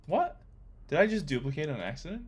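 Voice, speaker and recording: A young man talking to himself while coding, thinking aloud with excitable, chatty commentary. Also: medium pitch, a little slow. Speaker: coding vlogger. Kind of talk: casual screen-recorded coding commentary.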